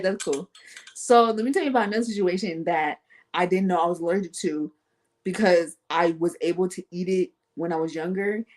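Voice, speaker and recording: A woman telling casual, self-mocking stories in a playful, animated way, with speech patterns. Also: fairly low pitch. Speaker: guest on an online talk show. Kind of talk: casual storytelling monologue.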